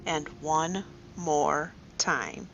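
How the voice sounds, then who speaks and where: A woman leading a guided story meditation for children, slow and soothing, often asking the listener questions. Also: low voice, fairly even intonation, gravelly, music in the background. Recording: dull lo-fi recording.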